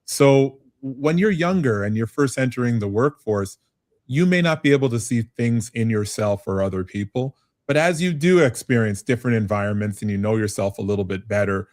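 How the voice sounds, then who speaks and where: A middle-aged man from Canada, a business advisor, telling lively, self-mocking stories as a guest in a conversational interview. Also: mid-range voice, normal speed, no room sound, studio quality. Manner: animated storyteller, self-mocking.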